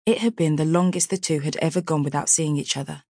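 Low-voiced woman narrating an audiobook. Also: no room sound, clean studio sound. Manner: steady, measured storytelling. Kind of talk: scripted narration.

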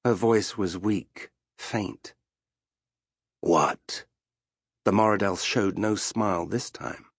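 A man narrating a fantasy story for an audiobook in a slow, measured storytelling voice. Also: on the low side, fairly even intonation, creaky, dry recording.

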